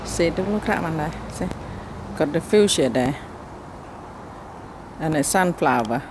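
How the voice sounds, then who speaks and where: A woman's voice: deep voice, expressive, measured pace, noisy background. A Thai-accented woman, a native Thai speaker, giving a chatty tour of her home garden outdoors in simple broken English. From Thailand. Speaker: gardening vlogger.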